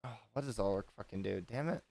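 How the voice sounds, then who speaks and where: A man's voice: lowish voice, quick pace, vocal fry, darkish tone. A man hosting a livestream, chatting casually, rambling and restarting his sentences, with an occasional swear. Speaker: livestream host.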